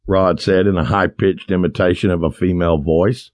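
A man reading an audiobook in scripted narration, lively and expressive. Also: low-pitched, moderate pace, few pauses, no echo, clean studio sound.

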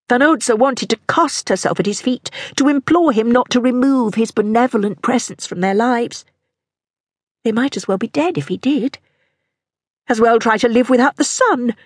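A woman narrating a historical novel for an audiobook in a measured, even manner. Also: on the high side, breathy edge, no echo, clean studio sound.

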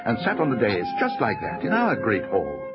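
A man's voice: lowish voice, huge pitch swings, dull audio, loud music behind the voice. A man voicing earnest, commanding eldest boy Peter. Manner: brisk, reasoning point by point.

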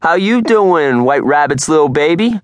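Man playing a brash teenage jock, loud taunts, high and lively, dry close sound. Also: moderate pace, dry recording, close to an everyday voice. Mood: taunting. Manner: loud taunting street slang. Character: brash teenage boy quarterback, taunting and cocky.

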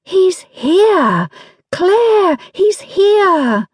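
A woman reading an audiobook, voicing an excitable tomboyish young girl in a high, gushing voice. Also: slow, slightly rough, no echo, studio quality, heavily acted. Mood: excited.

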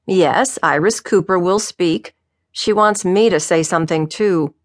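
A fretful small-town police chief grumbles through his lines, as a woman narrator puts him on. He is a middle-aged man in a tight dress uniform, short-tempered and a little sulky. The voice sits fairly low and the read is dry and close, with no room sound. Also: unhurried, dry recording, natural voice. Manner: gruff and grumbling.

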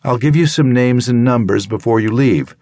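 Man voicing a woman doctor, brisk, direct questions, raised pitch, audiobook. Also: a little mellow, no room sound, clean studio sound, lightly acted. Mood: probing.

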